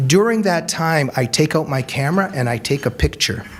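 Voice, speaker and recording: A man's voice: on the high side, expressive, moderate pace. A man giving an earnest, emphatic talk about his book to a seated audience, repeating key phrases for weight. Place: meeting room with an audience.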